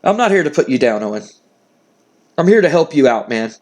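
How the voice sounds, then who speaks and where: A man's voice: on the high side, very animated, fairly quick, darkish tone. A man casually voicing an earnest male wrestling champion who reassures a rival in a game recap, stumbling and repeating words. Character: friendly male wrestling champion offering respect.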